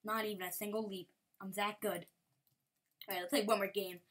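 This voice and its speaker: A woman's voice: mid-range voice, little pitch movement, a little fast, fairly bright tone. Giggly woman rambling over gameplay. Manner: giggly, rambling, playful with silly sing-song bits. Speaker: gameplay commentator. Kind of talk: casual game commentary.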